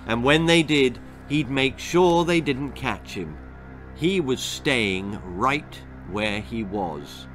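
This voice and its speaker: A man's voice: mid-range voice, a bit bright. A man reading his own darkly comic children's story aloud, theatrical and relishing the grim humour.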